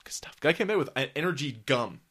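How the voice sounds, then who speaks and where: A man's voice: medium pitch, animated, fast, a bit bright, breathy edge. A man co-hosting a casual podcast, rambling and crude, laughing often. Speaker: podcast co-host.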